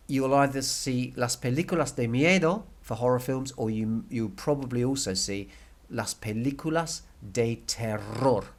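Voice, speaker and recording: A man teaching a recorded language lesson, explaining step by step, repeating key words and checking with "okay?". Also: medium pitch.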